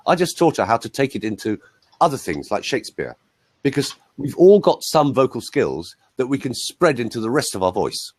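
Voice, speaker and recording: Man, voice coach, lower voice, lively swooping intonation, anecdotal chat, dry recording. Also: normal speed, husky, no echo. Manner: animated storyteller, rambling asides. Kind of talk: casual chat, telling anecdotes.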